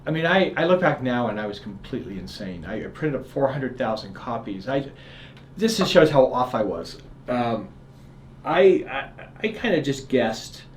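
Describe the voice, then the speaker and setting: Middle-aged man telling a lively story. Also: medium pitch, moderate pace. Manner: animated storyteller acting out dialogue. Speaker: guest author. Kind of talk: storytelling in a conversation. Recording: echoey room, faint ambient noise.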